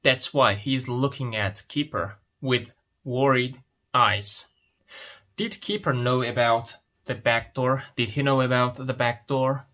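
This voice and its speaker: Slow, bright-voiced man. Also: medium pitch, fairly even intonation. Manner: asks questions and answers them himself. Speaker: English teacher. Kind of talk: slow explanatory lesson, reading a picture story.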